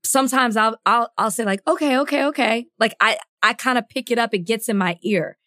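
A woman co-hosting a podcast, chatting casually and teasing her co-host with quick questions. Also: on the high side, sharp tone, no room sound, studio quality. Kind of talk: casual chat.

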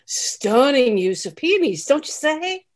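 An actress playing an excitable, gushing woman at a speed dating event in a comedy sketch. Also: high voice, slow pace, full character voice.

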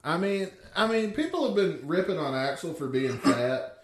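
A man's voice: on the high side, expressive, normal speed, roomy sound. A man co-hosting a podcast in casual chat, joking and swearing freely. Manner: profane, joking. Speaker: podcast co-host.

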